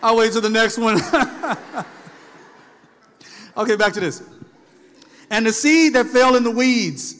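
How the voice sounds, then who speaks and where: High-voiced preacher in an echoing hall. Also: male voice, normal speed, slight background noise. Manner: conversational, animated storytelling with voiced asides. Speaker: pastor. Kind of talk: sermon.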